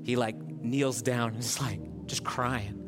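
A man's voice: medium pitch, steady tone, slow pace, music in the background. A man preaching a sermon as a pastor, talking casually and building to impassioned emphasis. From Southern California.

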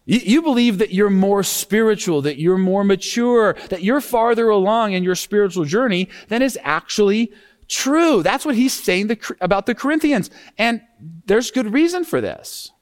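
A man preaching a sermon as pastor, lively and expressive, acting out tones when he quotes scripture. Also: sits high, normal speed. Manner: animated preaching, acts out sarcastic tone when quoting scripture.

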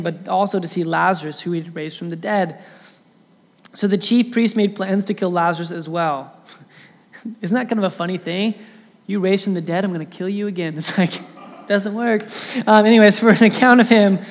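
A man preaching, reading scripture aloud with dramatic voices for the quotes and then commenting in a casual way. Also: high-pitched. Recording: long reverb of a hall.

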